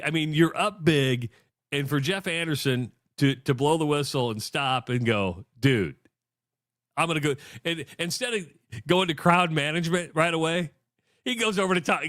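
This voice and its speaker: A man's voice: no room sound, studio quality. A man co-hosting a sports radio show, telling stories animatedly and acting out what others said. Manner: animated storyteller, acts out quotes with big pitch jumps. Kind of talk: casual sports talk. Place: radio studio.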